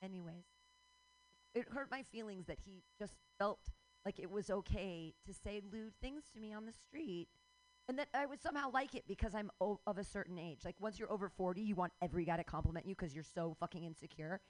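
A woman in her forties, with a mid-range voice that moves a little fast, hosts a radio show and goes on an animated, casual rant, swearing and laughing often. The recording quality is low.

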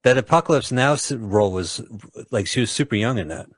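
A man's voice: mid-range voice, expressive, a little fast. A man co-hosting a radio show, chatting wryly about movies and trying to recall titles. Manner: chatty, wry, searching for memories. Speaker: radio co-host. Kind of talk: casual movie chat.

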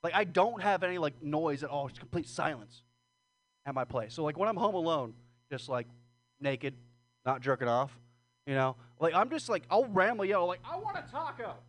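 Man doing stand-up, rambling and profane, high bright voice, swoops around a lot. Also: animated, normal speed. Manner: rambling, profane, self-deprecating. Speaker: stand-up comedian. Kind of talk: open-mic stand-up set. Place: small comedy room with audience.

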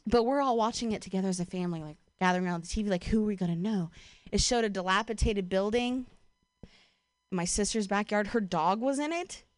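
A woman's voice: medium pitch, brisk, clean tone, no room sound, studio quality. A young woman from Ohio doing a stand-up comedy set, casual and profane, full of "like" and "you know", self-deprecating. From Ohio, USA.

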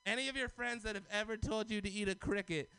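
A man doing a stand-up comedy set at an open mic, loud and excitable, with squealing bits and shouted asides. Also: high-pitched, fast talker, clear, resonant tone.

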